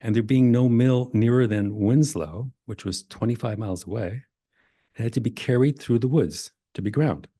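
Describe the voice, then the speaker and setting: An older man from Maine giving a relaxed genealogy talk in a library, reading old records aloud with self-deprecating asides. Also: medium pitch, normal speed, breathy edge, dry recording, studio quality. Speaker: genealogy presenter. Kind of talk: library presentation to a society audience. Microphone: presenter mic in a library meeting room.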